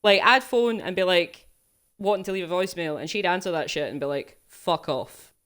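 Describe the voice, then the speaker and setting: A woman's voice: fairly low pitch, a little fast, fairly bright tone, smooth. A young woman streaming a game, chatting casually, laughing often and swearing freely. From United Kingdom. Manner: laughs a lot, swears freely, rambling banter. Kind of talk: casual let's play commentary.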